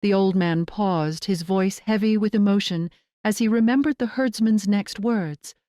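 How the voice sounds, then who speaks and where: Woman, storyteller, mid-pitched, gentle and measured, dry close sound. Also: dry recording. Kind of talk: scripted storybook narration.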